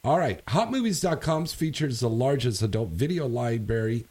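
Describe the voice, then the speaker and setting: A man's voice: medium pitch, lively intonation, moderate pace, mellow. A man hosting a casual chat show, reading news and plugs in a loose, rambling way with lots of fillers. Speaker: radio show host.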